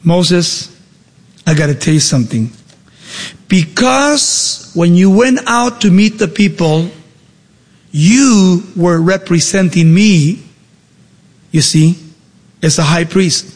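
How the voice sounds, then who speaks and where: A man with a high voice playing God as a stern, patient deity reasoning with a servant, in an echoey hall. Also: lively intonation, slow pace, pauses often, full character voice. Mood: reproving.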